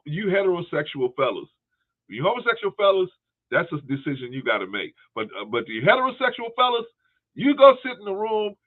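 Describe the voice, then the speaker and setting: A man hosting a livestream, giving casual commentary, laughing often and peppering his talk with "man" as he thanks viewers for donations. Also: fairly high pitch. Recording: tinny phone-like audio.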